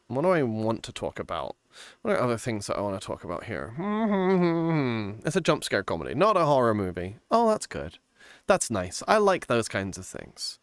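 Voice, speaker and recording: A man's voice: mid-range voice, clear, resonant tone, dry recording, clean studio sound. A man streaming live, chatting casually and playfully, giggling often and reading viewer comments aloud.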